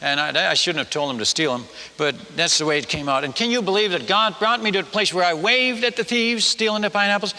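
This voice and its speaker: A man telling a personal story in a sermon, chatty and animated, stumbling over restarts and asking the audience questions. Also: sits high, brisk, hardly any pauses. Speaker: missionary preacher. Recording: echoey hall.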